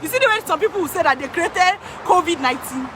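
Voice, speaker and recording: A woman working as an immigration consultant, talking excitedly to her viewers, repeating phrases for emphasis and laughing often. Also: very high-pitched, fast, a crowd in the background, noisy background. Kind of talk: excited direct-to-camera talk. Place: in Canada.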